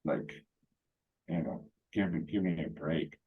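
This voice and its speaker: A man's voice: extremely low pitch, measured pace, slightly rough, phone-quality sound. A man telling rambling, anecdotal stories at a meeting, with many fillers and restarts. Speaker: meeting speaker. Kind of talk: casual talk.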